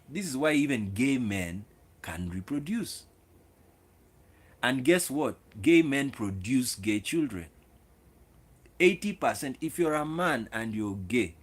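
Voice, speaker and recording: A man hosting his own video, lecturing viewers directly in an opinionated monologue, with repeated words and restarts. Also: fairly low pitch. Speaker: video host.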